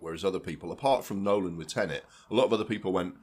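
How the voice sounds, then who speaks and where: Fast-talking deep-voiced man. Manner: animated storytelling, acts out quotes. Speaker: podcast host. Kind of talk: casual film chat.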